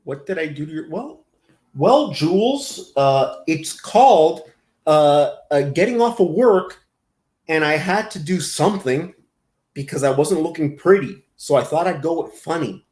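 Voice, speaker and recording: Male streamer, casual and rambling, laughs often, voice on the high side, roomy echo. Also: normal speed, a little mellow. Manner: rambling, laughing, reacting to chat. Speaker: livestream host. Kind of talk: casual livestream chat.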